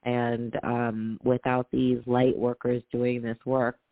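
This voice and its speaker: Flat, gravelly woman guest on a phone line. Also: rumbling low, slow, no echo. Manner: enthusiastic, filler-heavy, laughs often. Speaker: guest, aura photographer. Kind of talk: casual interview chat.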